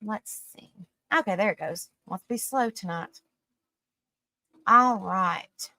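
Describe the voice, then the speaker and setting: Tired, bright-voiced woman live streamer. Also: mid-range voice, slow pace, no room sound. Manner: affectionate toward viewers, calls them sweetie and honey; stumbles over hard words and laughs at herself. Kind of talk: reading an article aloud to a live chat.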